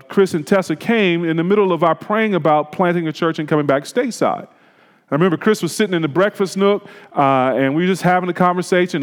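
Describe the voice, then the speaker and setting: A man with a slightly high voice preaches a sermon in a large hall with a long reverb tail. He tells a personal story in a relaxed, conversational way and turns reflective at points. The delivery stays plain and unscripted. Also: smooth. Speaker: pastor.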